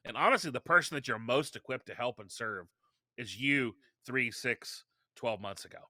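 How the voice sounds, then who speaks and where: A man's voice: medium pitch, moderate pace, dry recording, clean studio sound. A man guest on a podcast, talking casually and telling stories with energy, often restarting his sentences. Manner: energetic storytelling with frequent restarts. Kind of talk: casual interview talk.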